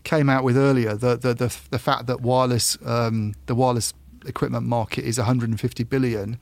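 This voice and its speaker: A man's voice: medium pitch, flat delivery, creaky, no echo. A man chatting casually as a podcast co-host, often stumbling and repeating words as he explains. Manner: halting, repeats words, restarts. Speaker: podcast co-host, tech journalist. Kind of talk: casual chat.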